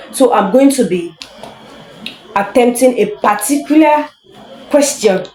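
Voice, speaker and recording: A woman teaching English in a casual online lesson, chatty, laughing often and reading examples slowly for emphasis. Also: mid-range voice, darkish tone. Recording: echoey room.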